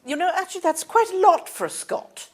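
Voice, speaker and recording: A woman's voice: extremely high pitch, sing-song, a little fast. A woman playing a queen at her birthday party in a comic sketch, with dry, teasing remarks.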